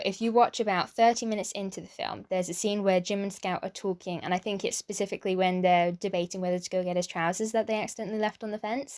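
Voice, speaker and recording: A woman's voice: medium pitch, darkish tone. Chatty British woman reviewing films. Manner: chatty, thinks aloud with small restarts and hedges. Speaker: film vlogger. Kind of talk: casual chat, film review.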